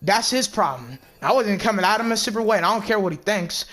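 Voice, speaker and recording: High-voiced man arguing heatedly. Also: expressive, quick pace, fairly bright tone. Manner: combative, repetitive, swearing. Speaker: gaming YouTuber. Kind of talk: heated voice-chat argument and commentary.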